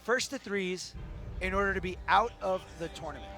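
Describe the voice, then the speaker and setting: A man with a voice going hoarse, giving live commentary at a fighting game tournament and explaining things, correcting himself as he goes. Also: high voice, normal speed, bright, forceful tone. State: hoarse, losing his voice. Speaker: esports commentator. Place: tournament venue. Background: music.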